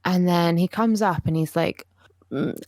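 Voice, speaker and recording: A woman's voice: lowish voice, moderate pace, a little mellow, no echo, studio quality. A woman co-hosting a podcast in casual chat, blunt and profane. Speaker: podcast co-host.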